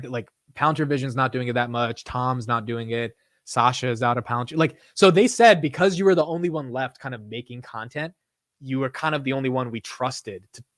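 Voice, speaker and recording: A man's voice: medium pitch, a bit bright, no room sound, clean studio sound. A young man hosting a casual late-night livestream, chatting in laid-back slangy banter and laughing often. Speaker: livestream host.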